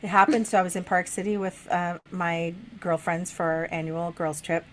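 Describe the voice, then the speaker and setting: Middle-aged woman podcast co-host, chatty, expressive storyteller, laughs a lot, casual swearing. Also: on the low side, moderate pace, a little hiss or hum. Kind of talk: casual chat.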